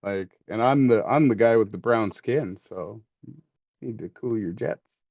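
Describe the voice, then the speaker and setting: His fairly low voice carries vocal fry and moves a little slowly as he hosts a casual workshop livestream about 3D scanning. He jokes, rambles, and restarts often, filling gaps with fillers; the audio has no echo and is slightly dull and lo-fi.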